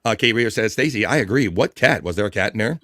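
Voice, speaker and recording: A man's voice: lowish voice, animated, quick pace, a bit bright, no room sound, studio quality. A man hosting a casual livestream, reading viewer comments aloud with crude, jokey banter and frequent laughs. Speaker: livestream host.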